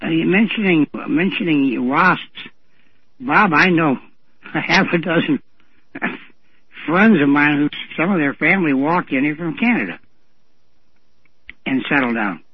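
A man on a radio talk show, telling anecdotes in a relaxed, chatty way. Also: a little high, measured pace, pauses often, breathy edge, dry recording. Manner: chatty storyteller, acting out the voices of people he quotes. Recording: dry, dull radio audio.

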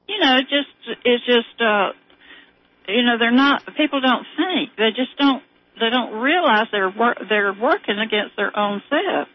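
A woman's voice: a little high, lively intonation, a little slow. An older woman with a thick Southern American accent calls in to a radio show and tells a wandering story, laughing between thoughts. Her voice comes through dull and muffled, like a phone-in on the air. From southern United States. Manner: rambling storyteller, laughs often. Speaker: caller. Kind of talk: casual phone-in chat.

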